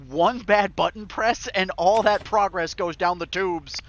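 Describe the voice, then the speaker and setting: Chatty high-voiced male gamer. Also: measured pace, a bit bright. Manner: casual, chatty. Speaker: game streamer. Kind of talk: let's-play commentary. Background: game music.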